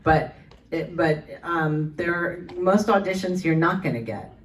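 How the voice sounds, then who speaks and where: A woman's voice: sits low, lively intonation, a little slow, a little hiss or hum. A woman voice actor answering fan questions at a convention panel, chatty and full of restarts. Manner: chatty storyteller, many restarts and fillers. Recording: voice from far off the mic.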